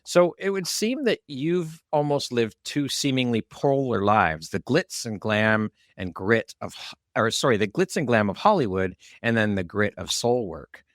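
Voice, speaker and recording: A man's voice: medium pitch, animated, a little slow, no echo, studio quality. A man hosting a podcast interview, earnest and effusive as he introduces and questions his guest. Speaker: podcast host.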